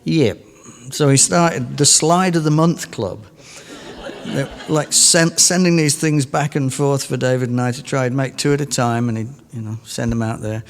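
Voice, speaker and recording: A man's voice: medium pitch, normal speed, big-room sound. A middle-aged English man, a guitarist, telling a rambling, self-amused story between songs at a concert. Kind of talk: between-song stage anecdote. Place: concert stage in a museum.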